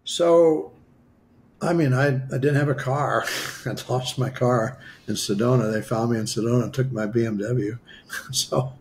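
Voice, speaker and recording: Male guest in an interview telling a story, gravelly voice, mid-range pitch, acts out the dialogue with a wry edge. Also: a little slow, a little hiss or hum. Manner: animated, acts out quoted dialogue, self-mocking humor. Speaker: guest healer.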